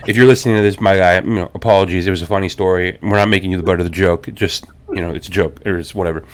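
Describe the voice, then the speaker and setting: A young adult man hosts a casual podcast round table and tells a story with plenty of energy. He swears freely and puts on the voices of the people he quotes. His voice sits a little on the low side. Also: steady tone, rapid-fire. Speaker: podcast host.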